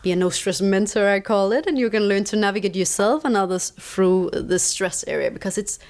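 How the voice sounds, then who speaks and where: A woman's voice: mid-range voice, brisk, a little mellow. A woman with a Danish accent and Danish as her first language, a guest explaining her ideas on stress in an interview, stressing points by repeating words. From Denmark. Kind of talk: reflective conversational explaining.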